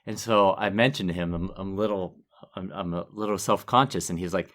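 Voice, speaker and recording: A man's voice: sits low, brisk, fairly bright tone. A middle-aged man co-hosting a podcast, telling a self-deprecating story in casual chat and laughing often. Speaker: podcast co-host.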